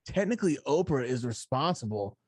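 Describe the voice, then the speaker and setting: Animated, profane podcast co-host, a man. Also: mid-range voice, fairly quick, husky, dry recording. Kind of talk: casual chat.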